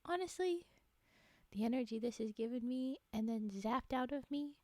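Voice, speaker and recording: A woman hosting a livestream in casual chat, giggling often and rambling, with frequent drops into a breathy whisper. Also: on the high side, lively intonation, moderate pace, a little mellow, no echo. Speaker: livestream host.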